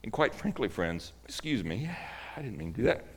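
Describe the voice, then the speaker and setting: A man preaching a sermon, retelling a story with dramatic swings between loud emphasis and hushed near-whispers. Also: lowish voice, very animated, fairly quick, vocal fry, breathy edge. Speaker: pastor.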